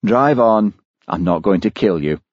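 A man voicing an affable, playful gentleman with a genial manner. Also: lowish voice, expressive, unhurried, no echo, highs cut off. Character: affable, teasing older gentleman.

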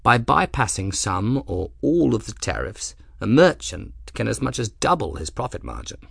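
A dignified lord, voiced by a male narrator, speaking in a low-key, patient way, each word measured. His tone rises and falls expressively over a dry, close reading. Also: very animated, vocal fry, breathy edge, no room sound, heavily acted. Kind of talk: audiobook character voice.

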